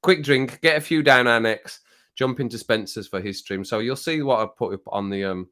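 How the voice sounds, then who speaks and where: A man's voice: medium pitch, moderate pace, sharp tone. A man hosting a casual livestream, reading out viewer comments in a rambling, jokey way and getting worked up now and then. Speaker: livestream host.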